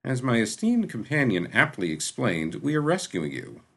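A man voicing a suave, sardonic male swordsman who speaks in formal, dry, measured phrases. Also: mid-range voice, very animated, breathy edge, pitched above the performer's own voice. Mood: courtly. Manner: courtly, measured, dryly ironic.

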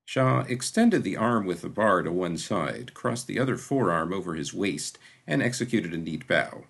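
A man narrating a fantasy audiobook in a steady, descriptive storytelling manner. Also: sits low, moderate pace, gravelly, breathy edge.

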